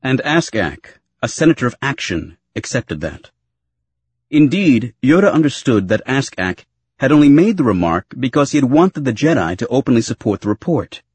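A man's voice: mid-range voice, a little mellow, slightly rough, no echo. A man reading an audiobook aloud as narrator, telling the story expressively. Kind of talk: scripted narration.

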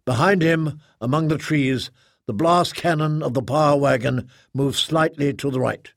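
A man narrating an audiobook in a measured, even storytelling manner. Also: on the high side, creaky, no echo, clean studio sound.

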